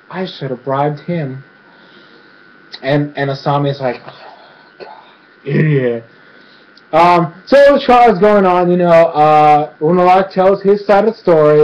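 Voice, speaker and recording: Man, casual cartoon recap, rambling, filler-heavy, fairly high voice, muffled lo-fi sound. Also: a little mellow. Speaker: cartoon episode reviewer.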